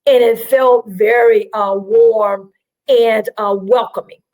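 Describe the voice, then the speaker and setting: Chatty, animated higher-voiced woman. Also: slow, poor audio. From South Carolina, US. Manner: animated, chatty, frequent fillers. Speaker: guest. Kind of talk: conversational interview storytelling.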